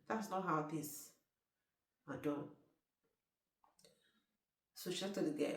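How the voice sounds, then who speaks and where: A woman's voice: deep voice, takes it slowly, creaky, pauses often. A woman, casually retelling a film's plot and often turning to ask the listener questions. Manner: chatty, asks the listener questions, restarts often. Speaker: storyteller recapping a film. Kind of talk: casual spoken movie recap. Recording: roomy sound from a distant mic.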